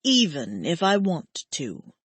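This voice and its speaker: A brooding young man speaks firmly but with restraint, resigned and unhurried, as a woman narrator voices him. The read is close and dry, at a slow pace. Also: low voice, huge pitch swings, breathy edge, no room sound, voice pushed down, heavily acted. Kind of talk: audiobook character voice.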